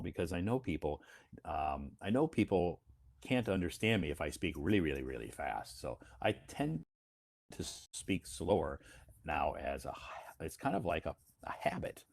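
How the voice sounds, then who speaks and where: A man with a deep, low voice and an American accent hosts a casual live stream as an English teacher. He talks slowly and deliberately, on purpose, with plenty of "uh" and "um" fillers and small restarts. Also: very animated, creaky, a little mellow, husky. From United States. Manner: slow, deliberate delivery with frequent fillers.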